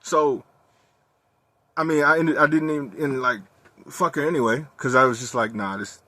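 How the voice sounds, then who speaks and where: A young man talking candidly in a personal monologue, profane and animated as he tells his story. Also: a little high, moderate pace, no room sound. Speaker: vlogger.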